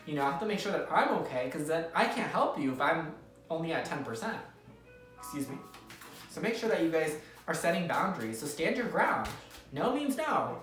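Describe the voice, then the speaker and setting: Soft music plays behind a deep-voiced woman who speaks briskly in a sing-song way. Giving viewers a casual tarot reading, she's chatty and repetitive and frequently checks in with "okay?" The sound is echoey, captured by a distant microphone.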